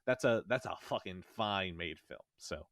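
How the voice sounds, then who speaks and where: A man with a very low voice co-hosts a podcast, blunt and emphatic, swearing casually. His voice is recorded dry and close. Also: lively intonation, normal speed, fairly bright tone, dry recording. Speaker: podcast co-host. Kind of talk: casual chat.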